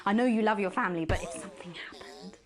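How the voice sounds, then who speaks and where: A woman playing a posh-accented female news anchor who is unhinged and obsessive, with a breathy, confessional delivery in a video game. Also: mid-range voice, fast talker, crowd noise, natural voice. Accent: posh English put on. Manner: breathy confessional, trailing into hushed whispers.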